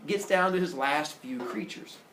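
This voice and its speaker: Brief: jokey, animated male teacher; roomy classroom with faint background hum. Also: a little high, normal speed. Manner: jokey, animated, teasing the students. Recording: echoey classroom.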